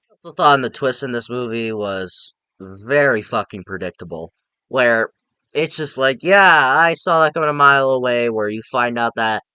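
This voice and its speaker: A young man giving a casual spoken film review, blunt and profane, with many fillers and animated rants. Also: medium pitch, clear, resonant tone, no echo. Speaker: movie reviewer.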